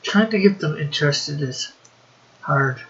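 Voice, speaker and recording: A man's voice: on the high side, expressive, a little slow, fairly bright tone, dull audio. A man co-hosting a casual live stream, chatting and reading out viewer comments in a drawling way. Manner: reads out chat messages, drawling.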